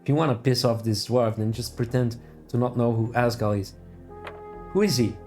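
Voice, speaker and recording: A man's voice: medium pitch, level tone, a little fast, a little mellow, soft background music. A man playing through a video game, reading its text aloud with offhand asides. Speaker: let's play gamer.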